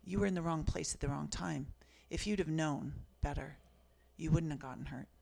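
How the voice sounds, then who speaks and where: Gravelly and low, her voice moves at a moderate pace. She's a Canadian woman in her fifties, an author on as a guest, telling her own stories in conversation in an earnest, reflective, soft-spoken way.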